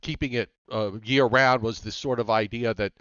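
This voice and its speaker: A man hosting a weather show, talking in a halting way with frequent restarts in casual chat. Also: medium pitch, fairly even intonation, a bit bright, smooth, no echo. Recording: dull lo-fi dry sound.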